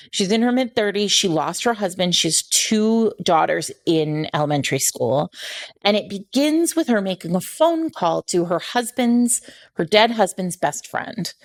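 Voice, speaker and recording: A woman co-hosting a podcast, chatting casually about books and retelling a story with frequent self-corrections. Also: on the low side. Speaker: podcast co-host. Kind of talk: casual book-discussion chat.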